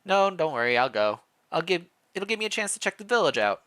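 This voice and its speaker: A man's voice: on the high side, very animated, brisk, pushed and bright, no echo, voice pushed up. A man voicing a polite young woman who is a new schoolteacher, in his own plain friendly voice.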